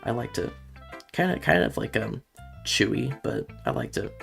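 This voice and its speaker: Male gamer, casual commentary, low gravelly voice, emotional and self-conscious. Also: lively intonation, moderate pace, a bit bright, faint music behind. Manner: emotional, self-conscious, mild swearing substitutes. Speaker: let's play gamer.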